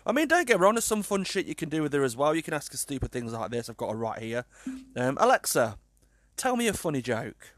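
A man's voice: on the high side, animated, quick pace, a bit bright, no echo. A young man from the UK, chatting casually to camera in an exasperated, joking way with swearing. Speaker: vlogger.

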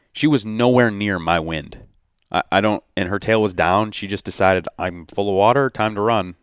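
A man hosting a hunting podcast, excitedly narrating a hunt in casual chat with quoted dialogue. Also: sits low, smooth, dry recording, studio quality. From Michigan.

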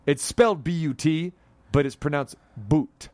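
A man's voice: a little high, unhurried, darkish tone, dry recording. A man hosting a sports radio show, chatting casually, joking and rambling about hockey. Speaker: radio sports talk host.

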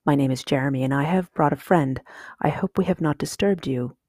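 A woman voicing a polite, respectful male crow in a soft whispered role-play, husky in tone. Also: deep voice, a little fast, dry recording, clean studio sound.

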